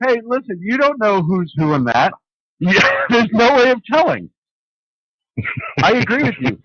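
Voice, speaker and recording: A man's voice: sits high, big pitch swings, normal speed, fairly bright tone, no echo. A man hosting a casual call-in radio show, joking with his co-host and a caller. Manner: joking, laughs often. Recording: dull dry lo-fi stream audio.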